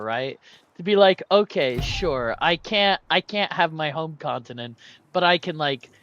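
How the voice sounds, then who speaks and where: Lively, slow-talking gameplay commentator. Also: mid-range voice, slight background noise. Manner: melodramatic mock laments and sudden yelps; swears and laughs at setbacks. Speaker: strategy game streamer.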